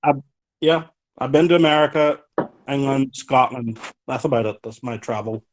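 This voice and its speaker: An Irishman with a Donegal accent, talking casually on a call-in line. He rambles in an easygoing way and drops "you know" into nearly every sentence. His voice sits at an ordinary middle pitch for a man. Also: moderate pace. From Ireland. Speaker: caller.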